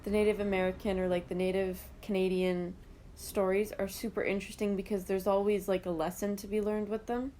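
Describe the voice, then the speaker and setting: A young woman with a mid-pitched voice co-hosts a podcast in casual chat. She talks in a teasing, jokey way, full of quick asides. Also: level tone, warm tone, slight background noise. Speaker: podcast co-host.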